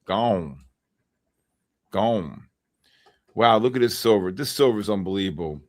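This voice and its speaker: This trading livestream is run by a middle-aged man whose lowish voice moves fast. Casual and rambling, he gives shout-outs to viewers by their chat names.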